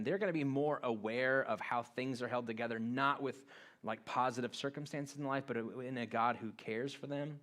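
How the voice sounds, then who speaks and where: A man preaching a sermon to a church congregation. His voice sits at an ordinary middle pitch, and he talks in a loose, conversational way rather than a formal one, as if chatting with the people in front of him. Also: steady tone, normal speed, a bit bright. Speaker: pastor. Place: church auditorium.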